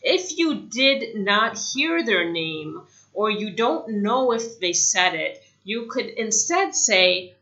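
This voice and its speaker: A woman giving a casual spoken English lesson, chatty, saying example phrases slowly. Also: medium pitch, expressive, pushed and bright, muffled recording. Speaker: English teacher.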